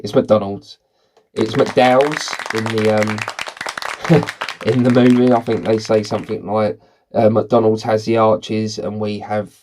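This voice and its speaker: Low-voiced man chatting through a quiz. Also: a little mellow. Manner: chatty, thinking aloud, reads questions then rambles. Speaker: movie quiz vlogger. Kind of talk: casual commentary while taking a quiz.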